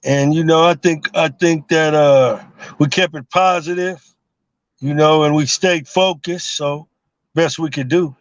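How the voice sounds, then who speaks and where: A man's voice: a little high, steady tone, measured pace, no echo. Man, rambling street tales. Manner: rambling with many fillers and restarts. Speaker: guest. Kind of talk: casual storytelling interview. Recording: dull lo-fi live stream audio.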